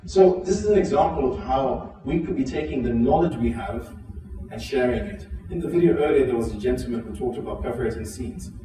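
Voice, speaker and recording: A man's voice: brisk, background noise. A man from Zimbabwe giving a conference keynote, telling stories and acting out quoted dialogue, with frequent restarts. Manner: animated storytelling, acts out quoted dialogue with pitch jumps; frequent restarts and filler words. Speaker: keynote speaker. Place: large conference hall. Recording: echoey hall, voice from a distance.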